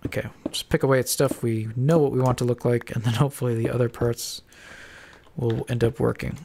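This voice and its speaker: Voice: mid-range voice, steady tone, fairly quick, vocal fry, background noise. Stuffed-up, mumbling gamer thinking aloud. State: stuffed-up nose. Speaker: Minecraft let's-player. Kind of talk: casual building commentary.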